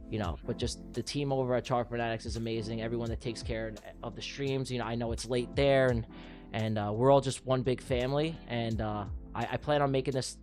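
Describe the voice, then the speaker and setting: A man from New York hosting a trading livestream, calling mock races in a rambling, excitable way before winding down, out of breath. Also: medium pitch. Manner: excitable, rambling, repeats himself. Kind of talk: livestream chat and race commentary.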